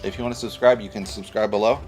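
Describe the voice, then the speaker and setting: A man's voice: fairly low pitch, fairly even intonation, quick pace, darkish tone, soft background music. A man giving a casual spoken film review, blunt and rambling, with casual swearing. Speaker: movie reviewer.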